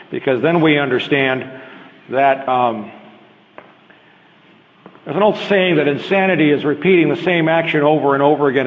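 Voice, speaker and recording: A middle-aged man giving a live lecture to an audience. He speaks bluntly and conversationally and often puts rhetorical questions to the listeners. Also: fairly high pitch. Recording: echoey hall, thin phone-like sound.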